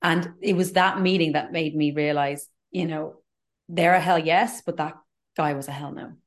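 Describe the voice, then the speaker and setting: A woman's voice: low voice, fairly even intonation, moderate pace. A woman, telling candid personal stories in a casual chat as co-host, with lots of fillers and restarts. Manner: candid, chatty storyteller with many fillers and restarts. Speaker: podcast co-host.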